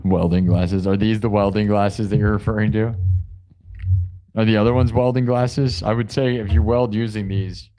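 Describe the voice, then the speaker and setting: A man's voice: on the low side, fairly even intonation, normal speed, mellow. A man hosting a live stream, chatting casually and joking with his viewers in a rambling way. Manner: jokey, rambling, talks to chat. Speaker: live stream host and improv musician.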